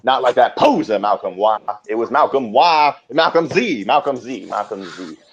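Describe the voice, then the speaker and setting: A man riffing in a grandiose, preacher-like comedic oration, drifting from hushed whispers to loud declaiming. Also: medium pitch, lively intonation, normal speed, husky, highs cut off. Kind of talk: improvised comedic mock oration.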